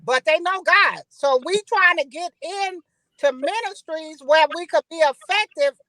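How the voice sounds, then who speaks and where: A woman's voice: very high voice, a little slow, pushed and bright, no echo, poor audio. A woman who is a guest on a church talk show, speaking in an earnest, insistent way. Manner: earnest, insistent, sprinkling in "you know what I'm saying". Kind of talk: passionate talk show discussion.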